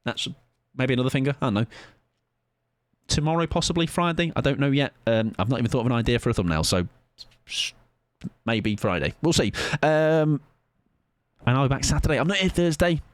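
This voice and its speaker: Lively, rambling streamer man. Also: medium pitch, fairly quick, long pauses, no room sound. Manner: rambling, self-mocking, sing-song sign-offs. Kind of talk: casual end-of-stream chat.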